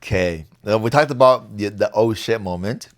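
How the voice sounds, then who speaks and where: A man's voice: on the low side, normal speed. Easygoing young man co-hosting, slangy. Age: young adult. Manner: easygoing, animated when joking, slangy. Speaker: podcast co-host, new father. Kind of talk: casual chat.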